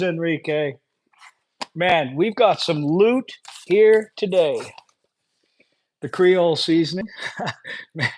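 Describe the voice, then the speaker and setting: Upbeat man hosting a livestream. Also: on the high side. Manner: warm, effusive, laughs often. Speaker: livestream host. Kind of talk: casual livestream unboxing chat.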